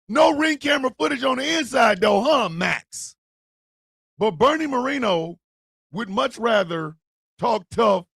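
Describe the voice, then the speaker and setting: A man giving casual, slangy reaction commentary, stammering and breaking into loud outbursts. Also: very high-pitched, vocal fry, husky, no echo. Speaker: streamer and political commentator.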